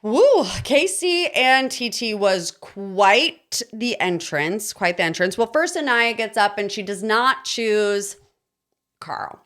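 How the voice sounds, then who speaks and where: A young woman hosting a podcast, giving an opinionated, sarcastic recap of a reality dating show in a casual, animated way. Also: mid-range voice, slow. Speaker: podcast host.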